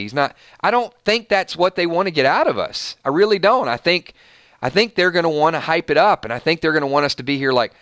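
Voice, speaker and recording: A man with a Southern US twang hosts a livestream and rants emphatically at his viewers. His voice is bright and forceful, smooth and crisp. It sounds dry and close. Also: on the high side, lively intonation, a little fast, dry recording. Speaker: YouTube channel host. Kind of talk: livestream commentary and ranting.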